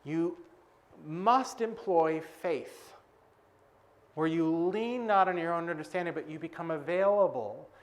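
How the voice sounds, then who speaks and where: A man's voice: on the high side, a little slow. A man giving a live motivational talk as host, telling a personal story in a chatty way with frequent "like" and "right?". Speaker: business coach speaker.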